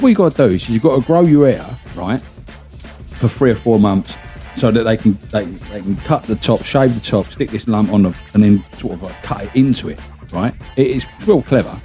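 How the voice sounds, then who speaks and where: A man's voice: fairly low pitch, animated, fairly quick, warm tone, soft background music. Chatty, swearing man telling stories. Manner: chatty, swears freely, laughs through his stories. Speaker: podcast host. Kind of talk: casual storytelling chat.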